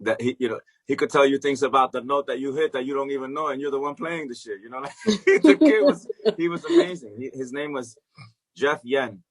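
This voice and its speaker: There's a crowd in the background as this middle-aged man, a music teacher, swaps stories as an interview guest. Speaking fairly quickly in a medium-pitched voice, he's lively, swears freely, and laughs a lot.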